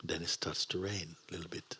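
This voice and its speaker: A man teaching a spiritual gathering in a gentle, unhurried way, often dropping to a whisper. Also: deep voice, flat delivery, husky. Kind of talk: sermon to a gathering. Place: satsang gathering.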